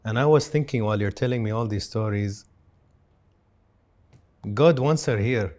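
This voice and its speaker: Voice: medium pitch, normal speed, a little mellow. An interviewer responding to a guest's story in a reflective way, openly saying he is moved. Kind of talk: conversational interview.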